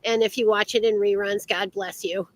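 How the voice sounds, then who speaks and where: A woman's voice: mid-range voice, fairly even intonation, normal speed, poor audio. An American woman co-hosting a casual podcast chat, rambling with many fillers and restarts. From United States. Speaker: podcast co-host.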